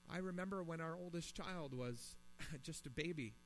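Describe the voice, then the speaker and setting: A man's voice: fairly high pitch, moderate pace. Man preaching a sermon in a reverberant hall. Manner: earnest, rising to emphatic pleas. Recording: long reverb in a hall, mains hum.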